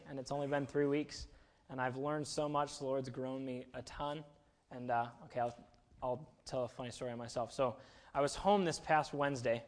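A young man giving a casual, chatty sermon, self-deprecating and full of fillers. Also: mid-range voice. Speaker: preacher.

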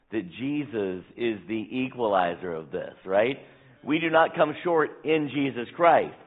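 Husky older man preaching, tinny sound. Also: mid-range voice. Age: 60s. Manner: earnest preaching, reads scripture slowly with emphasis. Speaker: pastor. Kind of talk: sermon.

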